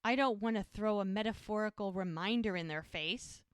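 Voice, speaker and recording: A woman's voice: medium pitch, normal speed, smooth, no room sound. A woman co-hosting a podcast, retelling a TV episode in casual chat and acting out the characters' lines. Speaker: podcast co-host.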